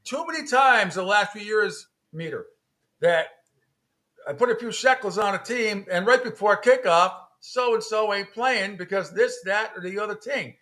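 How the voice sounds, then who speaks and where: A man's voice: sits high, moderate pace, sharp tone. A man hosting a sports radio show, talking in an opinionated, conversational way and laughing often. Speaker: radio host. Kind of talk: casual sports radio talk.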